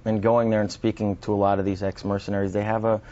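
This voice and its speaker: A man's voice: fairly low pitch, level tone, fast talker, dark tone, muffled recording. A man appearing as an actor guest on a TV interview, answering thoughtfully and often repeating words as he starts a sentence. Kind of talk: broadcast interview.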